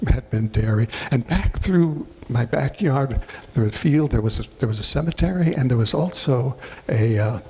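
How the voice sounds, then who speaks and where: A man's voice: medium pitch, lively intonation, moderate pace, hardly any pauses, a little mellow. A man from Wisconsin, an author telling stories to an audience, rambling and restarting his sentences as he goes. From Wisconsin, USA. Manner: rambling, self-interrupting storyteller. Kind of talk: casual talk to an audience. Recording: hall reverb with faint noise.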